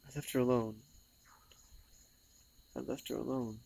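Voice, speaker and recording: Grieving man, halting and tearful. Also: medium pitch, level tone, creaky, a little mellow, no room sound, poor audio. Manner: grieving, halting, repeats himself, trails off. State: tearful, voice breaking. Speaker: vlogger. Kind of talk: emotional personal vlog.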